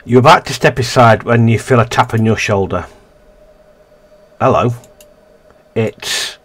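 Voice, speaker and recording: Low-voiced man reading a game. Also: unhurried, long pauses, fairly bright tone, slightly rough. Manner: stumbling, self-correcting reading with chuckles. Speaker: let's-play gamer. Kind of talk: reading game text aloud with casual commentary.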